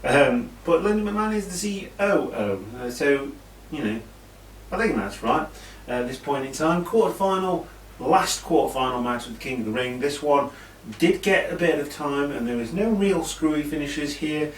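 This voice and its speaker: A man's voice: fairly high pitch, animated, normal speed. Chatty British man, echoey distant mic. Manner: chatty, rambling with asides and fillers. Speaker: wrestling show reviewer. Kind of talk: casual recap of an old wrestling event. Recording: echoey room, mic at a distance, faint hiss.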